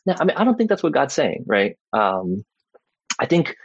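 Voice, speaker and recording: This adult father teaches the Bible casually and conversationally, frequently adding "right?" and using "like" and "you know" a lot. His mid-range voice is slightly rough with big pitch swings at a moderate pace, captured in lo-fi sound with no room sound.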